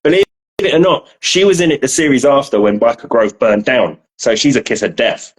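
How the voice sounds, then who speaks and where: A man's voice: medium pitch, a little fast, poor audio. A man co-hosting a casual podcast, bantering in a laid-back way and laughing at himself. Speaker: podcast co-host. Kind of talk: casual chat.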